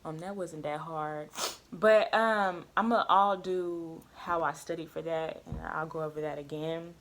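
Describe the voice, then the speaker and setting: A woman's voice: low voice, measured pace. A young woman, a nursing student chatting candidly and with a lot of swearing as she tells her story. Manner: candid, profane, animated retelling. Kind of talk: casual storytelling chat.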